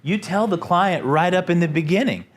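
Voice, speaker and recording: Upbeat sales-trainer man, a bit high-voiced, acts out customers, quizzes the room. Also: normal speed. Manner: animated, acts out customers in a raised voice; asks the room questions. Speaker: company president giving a sales training talk. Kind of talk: informal sales training presentation.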